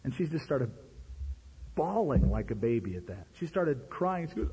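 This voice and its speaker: A man preaching a sermon in a conversational, animated way. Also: normal speed, slight background noise. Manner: animated, conversational preaching with sudden pitch jumps. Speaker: pastor. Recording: long hall reverb.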